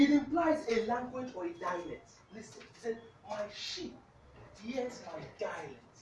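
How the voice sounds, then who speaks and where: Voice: medium pitch, a little hiss or hum. A preacher delivering a sermon, reading scripture aloud and punctuating almost every point with hallelujah while quizzing the congregation. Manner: asks the congregation questions. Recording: echoey room, voice from a distance.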